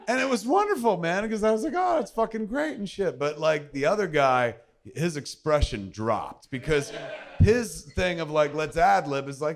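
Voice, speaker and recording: Profane animated storyteller man. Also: a little high, normal speed. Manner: animated storyteller, laughing, swearing, acting out quotes. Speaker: host telling a story. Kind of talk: casual anecdote, profane.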